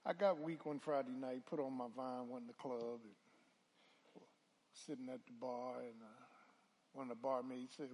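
A male preacher delivering a call-and-response sermon, moving from hushed murmurs to loud, drawn-out calls. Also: mid-range voice.

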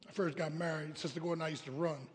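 A man preaching a humorous, animated storytelling sermon at a live service, calling out to the congregation. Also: fairly high pitch, very fast, long reverb tail. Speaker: pastor. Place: church sanctuary, live service.

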